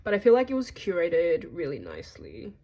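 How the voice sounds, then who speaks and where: A woman's voice: on the low side, huge pitch swings, brisk, dark tone, rough recording. A young woman from Australia narrating a casual travel vlog, chatty and jokey, talking straight to her viewers. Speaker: vlogger.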